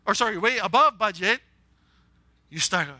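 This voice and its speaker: A man preaching with a high, bright, cutting voice, animated and joking, acting out the voices he quotes. The sound is dry and close, with no room echo. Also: normal speed. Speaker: pastor. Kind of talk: sermon.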